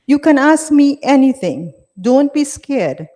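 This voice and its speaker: A woman's voice: high voice, sing-song, takes it slowly, warm tone, voice pushed up, exaggerated voice. Woman doing a sweet, lilting young daughter. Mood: reassuring. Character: young daughter, affectionate but refusing. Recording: reverberant hall.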